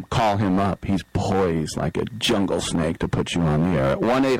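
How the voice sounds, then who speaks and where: A man's voice: low voice, animated, moderate pace, a little mellow, dry recording, low-quality recording. A middle-aged man hosting a sports talk radio show, telling a rambling, self-deprecating story and acting out the people in it. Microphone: studio microphone.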